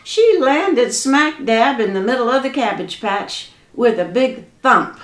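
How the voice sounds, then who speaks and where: A woman telling a folk tale in a lively, dramatic, folksy way. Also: fairly high pitch, a little slow. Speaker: storyteller. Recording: echoey room.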